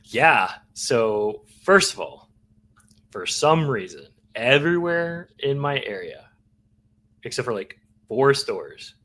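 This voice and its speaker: A man co-hosting a podcast, relaxed and easygoing in casual chat. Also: medium pitch, slow. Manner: laid-back, laughing along. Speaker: podcast co-host.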